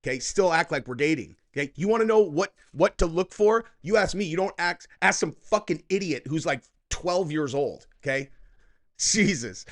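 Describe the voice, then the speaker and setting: A man in his thirties hosting political reaction commentary, sarcastic and mocking with loud outbursts. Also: fairly high pitch, expressive, normal speed.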